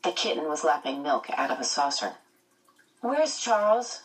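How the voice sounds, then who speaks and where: A woman reading a novel aloud in measured, scripted narration. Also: a bass voice, distant mic, low-quality recording. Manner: measured storytelling. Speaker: audiobook reader.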